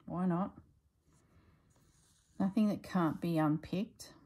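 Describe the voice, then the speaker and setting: A middle-aged woman chatting casually while she stitches, thinking aloud and drifting into soft asides. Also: lowish voice, takes it slowly, low-quality recording. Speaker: slow-stitching vlogger.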